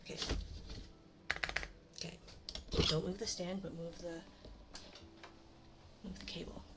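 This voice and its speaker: Speaking slowly in a low, level tone over very heavy noise, this young livestream host chats casually from her desk at home. She mutters little self-deprecating comments as she sets everything up.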